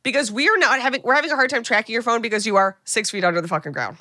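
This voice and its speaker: A woman's voice: a little high, racing, pushed and bright, no room sound, clean studio sound. A young woman co-hosting a podcast, animatedly recapping a movie in casual, profane chat and acting out the lines. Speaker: podcast co-host.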